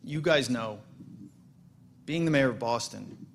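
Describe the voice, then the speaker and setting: A man's voice: mid-range voice, takes it slowly, creaky. A middle-aged man, the president of a congregation, giving a casual, storytelling welcome speech with self-deprecating humor.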